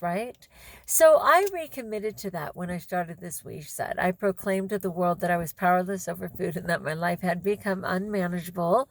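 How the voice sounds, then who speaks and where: A middle-aged woman vlogging to camera in a casual, animated and effusive way. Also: mid-range voice, no echo.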